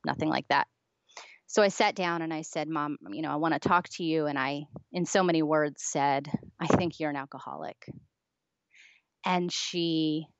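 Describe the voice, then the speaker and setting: Low-voiced woman telling her story. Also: a bit bright, no echo, highs cut off. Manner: earnest storytelling, acting out past dialogue. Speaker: guest author. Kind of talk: personal testimony in an interview.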